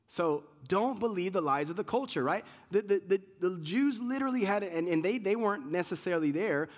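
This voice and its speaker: A man preaching a sermon with a fairly high voice. He speaks conversationally, stumbling and restarting as he goes, and slips into quick impressions of what people say. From United States. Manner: conversational preaching with many restarts and acted-out quotes. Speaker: pastor.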